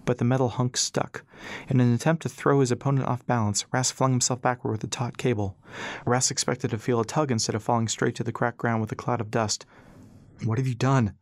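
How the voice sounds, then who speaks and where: A man reading an audiobook as narrator, in a steady storytelling manner. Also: mid-range voice, fairly quick, no echo.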